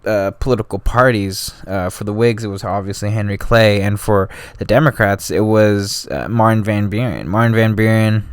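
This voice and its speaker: Smooth-voiced, slangy man hosting a podcast. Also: on the low side, moderate pace, hardly any pauses, no echo. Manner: slangy, loose, full of fillers and asides. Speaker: podcast host. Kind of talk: casual history podcast talk.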